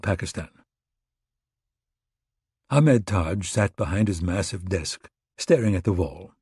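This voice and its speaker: A man reading an audiobook chapter in a measured, steady narration on a close studio mic. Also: on the low side, breathy edge, no echo.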